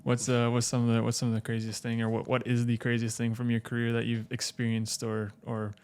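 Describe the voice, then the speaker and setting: Podcast host, male, smooth and even, stumbles and repeats as he asks. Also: medium pitch. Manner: halting, repeats words while asking. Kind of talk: casual interview chat.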